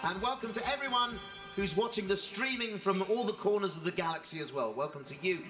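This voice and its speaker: A man hosting a live fan panel, joking and bantering with the audience. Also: high voice.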